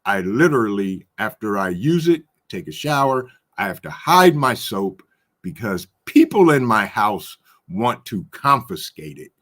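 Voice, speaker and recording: A man's voice: fairly low pitch, very animated, a little slow, a bit bright. A man hosting a casual livestream, reading viewer comments aloud and greeting each one by name with a chuckle. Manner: chuckles often. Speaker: livestream host reading chat. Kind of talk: casual chat.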